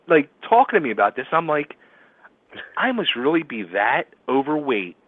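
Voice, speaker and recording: Excitable male radio host, phone-line sound. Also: on the high side, dry recording. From Philadelphia area. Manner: excitable, laughs often, acts out quotes. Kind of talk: casual storytelling chat. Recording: tinny phone-line audio.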